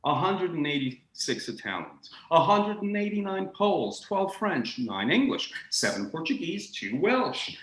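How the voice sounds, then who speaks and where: Here a man with a fairly high pitch lectures as a guest on the history of accents, lively and expressive, slipping into brief accent impressions. He frequently restarts and stumbles over repeated words, and the audio is poor and reverberant.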